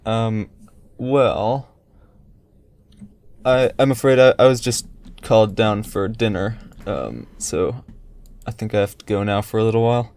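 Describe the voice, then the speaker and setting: A man's voice: fairly low pitch, a little slow, a little mellow. A man in casual chat, hesitant and apologetic in the way he speaks. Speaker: player.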